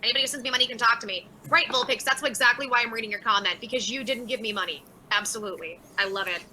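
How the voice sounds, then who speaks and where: A woman's voice: fairly high pitch, rapid-fire, sharp tone, slight background noise, poor audio. A woman hosting a casual livestream, reading out viewer chats and answering them by name in a sarcastic, laughing way. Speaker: livestream host.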